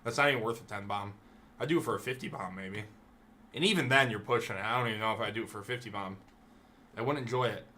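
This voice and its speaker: A man with a bright, forceful voice rants live to his stream. He is emphatic and swears a lot, and his outrage is put on for laughs. He talks in an everyday chatty way. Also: fairly low pitch, quick pace. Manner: profane, emphatic, mock-outraged. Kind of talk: casual ranking rant.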